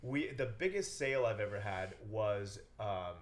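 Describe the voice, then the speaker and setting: A man's voice: lowish voice, measured pace. A young man, a real estate agent, telling stories in a casual interview and acting out the people in them. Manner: animated storyteller, acts out quotes.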